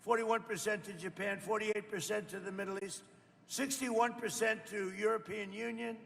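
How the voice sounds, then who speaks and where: A man's voice: high-pitched, fairly even intonation, moderate pace, gravelly, a bit bright, long reverb tail. An older man, a president, giving a rambling off-the-cuff speech to farmers, boasting and turning to the audience with chatty asides. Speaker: president speaking at a farmers' roundtable. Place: indoor roundtable event.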